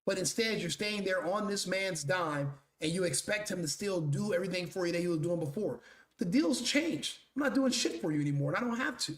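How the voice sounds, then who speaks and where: A man's voice: high-pitched, fast, hardly any pauses, echoey room. A male show host delivering a blunt, profane, mocking commentary rant.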